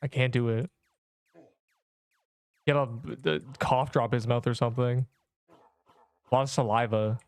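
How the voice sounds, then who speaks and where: A hoarse young man casually chatting and joking while live-streaming a game. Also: mid-range voice, steady tone, dry recording. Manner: joking, chatty, quick to laugh.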